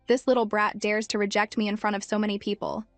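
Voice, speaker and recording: A woman's voice: medium pitch, little pitch movement, fast, no echo, soft background music, close to an everyday voice. A woman voicing a spiteful little girl who puts on a syrupy sweet, mocking manner.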